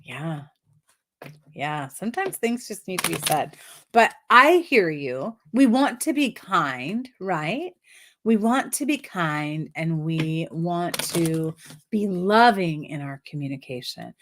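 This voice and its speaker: Woman, numerology reader, unhurried, giggly, repeats affirmations, lowish voice. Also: animated, a bit bright, slight background noise. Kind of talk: live-stream card reading.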